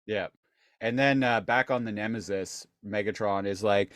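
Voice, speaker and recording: A man's voice: fairly low pitch, normal speed, fairly bright tone, no echo. A man co-hosting a podcast, rambling through a cartoon plot with many fillers. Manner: rambling, many fillers, hammy quoted voices. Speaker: podcast co-host. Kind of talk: casual chat recapping a cartoon.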